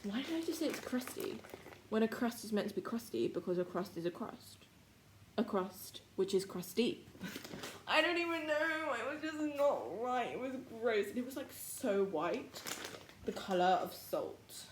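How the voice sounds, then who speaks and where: A woman's voice: medium pitch, expressive, a little slow, darkish tone, slight background noise. Bubbly young British woman rambling in the kitchen. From Britain. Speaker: vlogger. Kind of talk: casual cooking vlog chat. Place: home kitchen.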